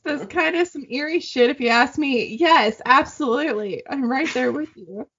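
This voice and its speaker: A woman co-hosting a podcast, reading listener stories aloud in casual, animated chat and swearing freely. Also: high voice, normal speed, slightly rough. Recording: dull lo-fi sound.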